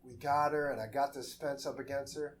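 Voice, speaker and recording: A man telling a comic story live on a theater stage, animated and exasperated, acting out the voices in his tale. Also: medium pitch, fairly quick. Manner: animated, exasperated, acts out quotes.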